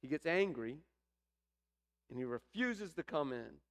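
A man's voice: on the high side, lively intonation, a little slow. A man preaching a sermon, explaining a scripture passage with rising emphasis. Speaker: pastor.

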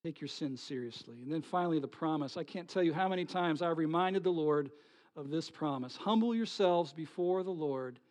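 A man with a high voice preaching a sermon to his congregation. He drops to hushed, almost whispered lines, then swells into loud, pleading passages. He keeps putting rhetorical questions to his listeners. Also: normal speed. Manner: dramatic swings from soft whispers to loud pleading. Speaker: pastor.

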